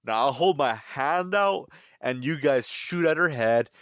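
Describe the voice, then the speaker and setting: A man's voice: medium pitch, expressive, measured pace, fairly bright tone, clean tone, no room sound, voice pushed up. A man voicing a smug male villain in a mocking, offhand parody reading.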